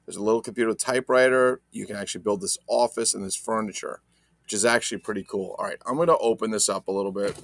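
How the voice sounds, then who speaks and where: A man's voice: fairly low pitch, fairly even intonation, fast, gravelly, no echo. A man hosting a casual toy unboxing vlog, joking and talking to viewers while handling items, with mock-dramatic asides. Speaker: toy collector host.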